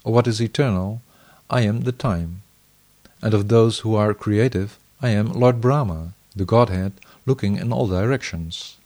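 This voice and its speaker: A man with a somewhat low voice reads scripture aloud in the first person. He keeps his delivery measured and breaks it into short, deliberate phrases. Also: darkish tone.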